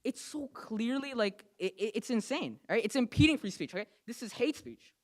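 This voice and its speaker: Young man, public comment, council meeting, emphatic, fast, repeats "right?". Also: extremely high pitch, lively intonation. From New Jersey. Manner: fast, emphatic, keeps adding "okay?" and "right?".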